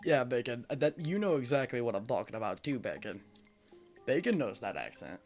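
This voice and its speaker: A man streaming a video game who chats casually and jokes with his chat in an animated, rambling way. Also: mid-range voice, a little fast, faint music behind.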